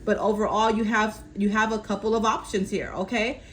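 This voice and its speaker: A woman doing a casual tarot reading, calmly relaying messages from spirit and often checking in with her listener. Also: mid-range voice, fairly quick, slight background noise, low-quality recording. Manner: reassuring, keeps checking in with "okay?". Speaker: tarot reader.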